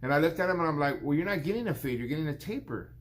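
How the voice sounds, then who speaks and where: Fifties male barber-vlogger, slightly high pitch, loose rambling shop-talk delivery. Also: lively intonation, racing. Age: 50s. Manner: rambling, acts out the client's lines in a raised voice. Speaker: barber and vlog host. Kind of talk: casual storytelling vlog.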